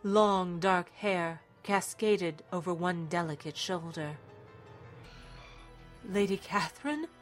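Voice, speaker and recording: A woman's voice: lowish voice, level tone, takes it slowly, hardly any pauses, soft background music. A woman narrating a story in a dramatic, scripted reading style.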